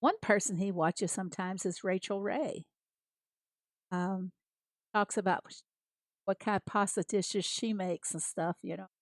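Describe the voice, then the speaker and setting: Speaking a little slowly and pausing often, this American woman keeps up casual chat with viewers while streaming a farming game. She greets people by name and laughs frequently, in a medium-pitched voice captured dry.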